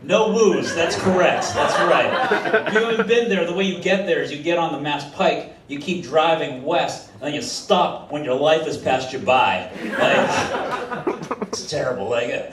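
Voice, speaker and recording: A man's voice: on the high side, animated, a little slow. Wry self-deprecating stand-up comic man. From Massachusetts. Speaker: stand-up comedian. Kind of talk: stand-up comedy set. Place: comedy club stage with live audience. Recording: roomy club, distant mic, noisy.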